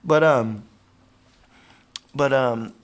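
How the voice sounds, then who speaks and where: Speaking extremely slowly in a mid-range voice, a male professional skateboarder spins a casual, rambling tale full of swearing and fillers.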